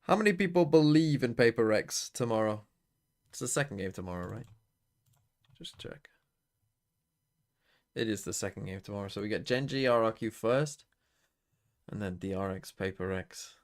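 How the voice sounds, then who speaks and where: A man hosting a watch party stream, chatting casually and swearing as he reacts out loud. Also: fairly low pitch, expressive, normal speed, long pauses. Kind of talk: casual co-stream chat over a broadcast.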